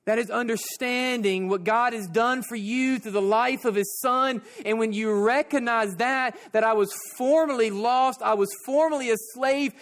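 A man preaching a sermon, repeating phrases and slowing down to stress his points. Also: very high voice, a bit bright. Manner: repeats phrases and slows down for emphasis.

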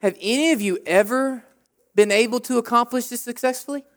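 A man preaching a sermon as a pastor, animated, acting out the people's complaints in short bursts. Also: very high-pitched, a little fast.

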